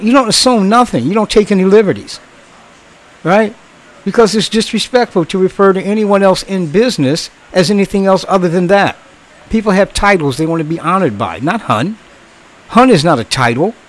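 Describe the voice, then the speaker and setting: A man's voice: high-pitched, expressive, normal speed, rough recording. A man in his sixties who once worked in customer service, bluntly lecturing in a casual monologue, swearing and repeating himself. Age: 60s.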